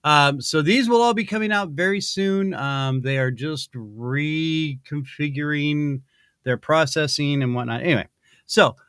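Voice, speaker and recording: Bright-voiced rambling man hosting. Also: a little high, measured pace, clean tone, no room sound. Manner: rambling, self-interrupting, playful. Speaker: podcast host. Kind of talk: casual chat and ad read.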